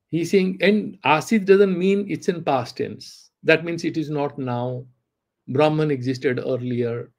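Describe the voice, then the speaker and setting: A man's voice: on the high side, a little mellow. A man teaching Vedanta, reciting Sanskrit verses and arguing with an imagined student through rhetorical questions. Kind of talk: philosophy lecture with Sanskrit recitation.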